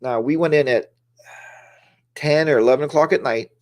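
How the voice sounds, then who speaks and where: A man's voice: on the high side, moderate pace, a little mellow. A man hosting a casual livestream, talking in a rambling, chatty way and greeting viewers by name, on a lapel mic in a home studio. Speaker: livestream host.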